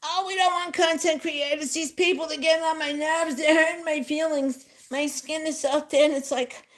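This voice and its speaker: A blustering older male politician, thin-skinned and quick to shout, his voice pitched high and strained, as a woman puts him on in a mocking impression. He sounds petulant and whiny. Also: fairly even intonation, lightly acted.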